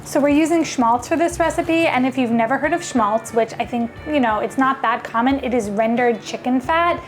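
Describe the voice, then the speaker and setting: With faint music behind her, a high-pitched woman speaks at a normal speed as she hosts a casual cooking vlog at home. She chats with enthusiasm, thinking out loud throughout the cooking.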